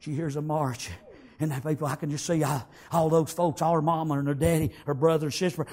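A man preaching a sermon, acting out the story, shouting some lines and whispering others. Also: a little high, flat delivery, fast.

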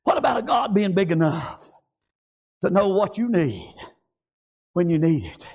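A man preaches a fervent sermon in a very high, husky voice. His pitch leaps about in a lively sing-song, and he keeps chanting praise and amen between phrases. He breaks into shouts with a rough preacher's cadence. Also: measured pace.

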